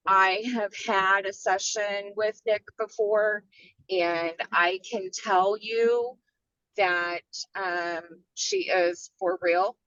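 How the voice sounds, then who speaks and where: A woman's voice: mid-range voice, fairly even intonation, very slow, fairly bright tone, no room sound, highs cut off. An older woman on a video call, sharing her experience hesitantly and searching for her words. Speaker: workshop participant.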